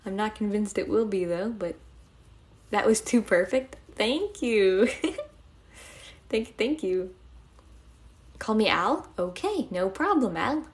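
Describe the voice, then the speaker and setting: A woman's voice: medium pitch, expressive, slow pace, long pauses. A young woman live-streaming, chatting casually and giggling as she thanks her viewers.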